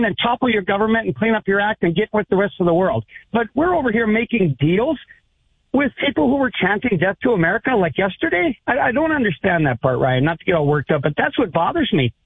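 Irate phone-in caller, a man with a high, husky voice who is heated and repeats himself. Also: no echo. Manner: fired up, repeats himself, stumbles over words. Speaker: radio caller. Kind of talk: heated call-in rant. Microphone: telephone. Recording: tinny phone line.

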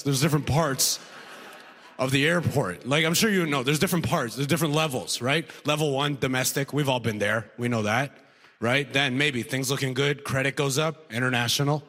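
Performing stand-up on a festival stage for a live crowd, a man from Alberta, Canada talks in a conversational way, dropping frequent "right?" asides. His mid-range voice, at normal speed and slightly bright, is followed by a long reverb tail.

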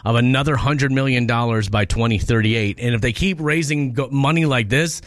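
A man's voice: mid-range voice, moderate pace, no echo. Man in his forties, radio host, casual chat, restarts a lot, dry close studio sound. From American Midwest. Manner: chatty, emotional, stumbles and restarts.

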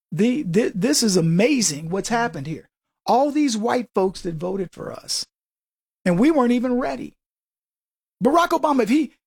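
A man's voice: high voice, slightly rough, no room sound, clean studio sound. A man hosting a radio show, delivering a combative political monologue full of rhetorical questions.

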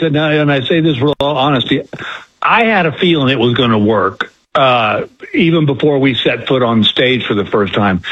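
A man's voice: fairly high pitch, breathy edge. Older man telling stories on a muffled line. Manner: folksy storyteller, acts out quotes. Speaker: comedian guest. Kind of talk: casual storytelling interview. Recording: muffled lo-fi phone-like audio.

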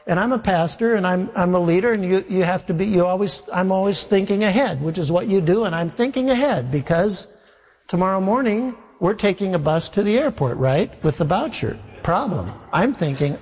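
Pastor, male, fairly high voice, lively storytelling sermon, long hall reverb. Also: brisk. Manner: humorous, animated anecdote with acted-out dialogue.

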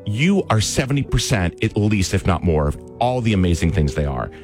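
Brief: low-pitched male radio host, earnest chatty storyteller, faint music. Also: big pitch swings, a little fast, darkish tone. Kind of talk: casual chat, storytelling.

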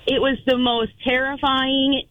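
A woman's voice: high-pitched, flat delivery, unhurried, no room sound, lo-fi sound. A woman calling into a radio show, animatedly telling a personal story and acting out what she and others said. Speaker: caller.

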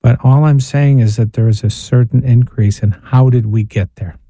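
A priest speaks in an earnest, gently preaching way on the radio, asking rhetorical questions and answering them himself. His mid-pitched voice is very warm and dark. It is recorded dry in a studio. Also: steady tone, moderate pace, dry recording. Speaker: priest and spiritual director guest. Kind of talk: radio talk reflection.

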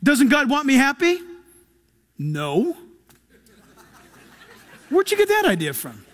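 High-voiced man preaching with sweeping swings. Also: wildly swooping pitch, slow. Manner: preachy, swings from loud to hushed, acts out quotes. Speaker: pastor. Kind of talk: sermon.

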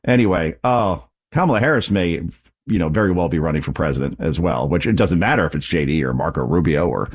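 A man's voice: low voice, expressive, fast talker. A man hosting a political commentary show, delivering an opinionated monologue with sarcasm and rhetorical questions.

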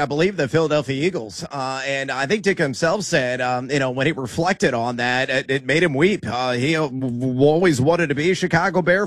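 A male co-host on sports radio with a slightly high voice. He breaks down teams with data in a measured way, with frequent uhs. The sound is dry and close. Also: fairly bright tone, dry recording. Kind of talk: sports analysis talk.

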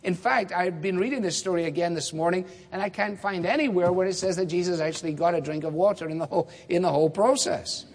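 A man preaching in a large church hall, his voice carrying a long reverb. He talks in a measured, emphatic way, pausing on rhetorical questions. His voice sits a little high for a man. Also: creaky. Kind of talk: expository sermon.

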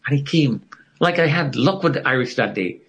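A man's voice: mid-range voice, normal speed, gravelly. A man telling a personal story as an interview guest, acting out what other people said. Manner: animated storyteller who acts out the dialogue of others.

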